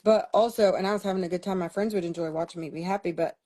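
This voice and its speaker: A woman's voice: fairly low pitch, steady tone, very fast, dark tone. A young woman telling a personal story on a livestream in a candid, exasperated way, swearing freely. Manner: candid, exasperated, profane venting. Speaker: vlogger.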